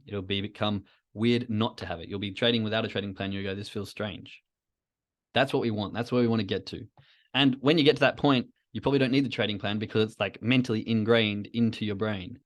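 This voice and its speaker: Rambling male podcast host. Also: lowish voice. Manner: rambling, reflective, self-talk asides. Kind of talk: casual solo podcast monologue.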